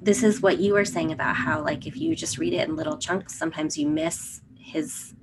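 A woman's voice: lowish voice, very animated, moderate pace, creaky, background noise. A woman co-hosting a casual Bible discussion podcast, thoughtful and affirming as she reflects on the readings. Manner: thoughtful, fills in with affirming murmurs. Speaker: podcast co-host.

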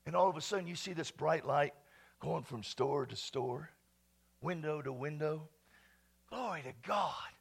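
A man pastor preaching a sermon, dropping to quiet asides and then rising to loud, ringing exclamations. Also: a little high, lively intonation, unhurried, vocal fry, breathy edge.

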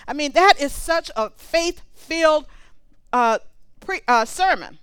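A woman preaching a sermon, conversational and animated, reading scripture aloud between comments. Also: high voice, slow pace, dry recording.

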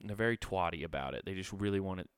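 On his solo podcast, a man rants with lively intonation, rapid-fire and smooth, swearing plenty and now and then mocking others in a high, sneering voice. The recording is dry, with clean studio sound.

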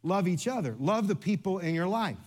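A pastor, a man whose voice sits notably high, preaches with lively, playful energy. He jokes, repeats himself to make a point, and speaks straight to the congregation. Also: a little fast. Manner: animated, playful, coaching volunteers on stage. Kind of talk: sermon.

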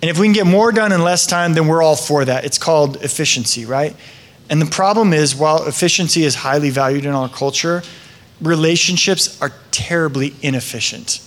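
Pastor preaching, chatty and jokey, kind of high voice for a dude. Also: male voice, a little fast. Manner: conversational, joking, lively asides. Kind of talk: sermon.

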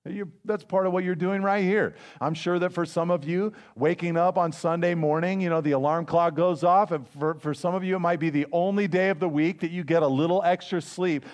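A man preaching a sermon as a pastor, in a conversational way, mixing family stories with scripture and slowing down to stress key phrases. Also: high voice, steady tone.

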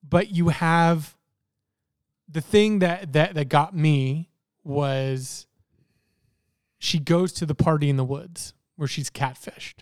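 A man's voice: fairly high pitch, steady tone, slow, long pauses, no echo, studio quality. A man co-hosting a casual podcast about a TV show, thinking aloud with lots of fillers and restarts. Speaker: podcast co-host. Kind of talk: casual TV discussion.

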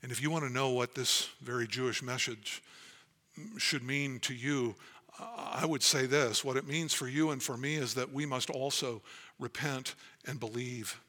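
A man's voice: mid-range voice, steady tone, moderate pace, bright, forceful tone. A man preaching a sermon as pastor, earnest and emphatic as he reads and explains scripture.

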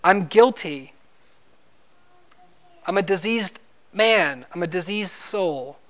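A man's voice: sits high, lively intonation, slow, a bit bright. A man preaching an expository sermon in a conversational way, asking his listeners questions and repeating words when he stresses a point.

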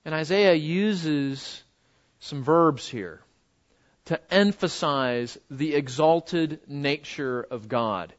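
High-voiced man teaching a Bible lesson. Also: lively intonation, highs cut off. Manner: conversational, repeats words, slows down to stress key phrases.

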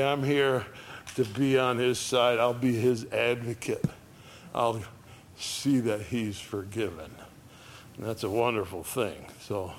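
Slow, conversational male preacher. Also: mid-range voice. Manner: conversational preaching, voices scripture with rising emphasis. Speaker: pastor. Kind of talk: sermon.

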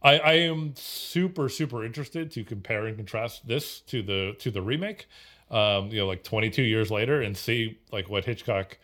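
A man's voice: fairly low pitch, normal speed, a bit bright. A man co-hosting a casual film podcast, rambling with many fillers and restarts. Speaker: podcast co-host.

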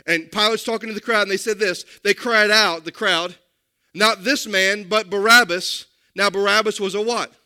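A male pastor with a high, bright voice preaches a sermon emphatically, repeatedly addressing the congregation with direct questions. His tone remains lively and forceful.

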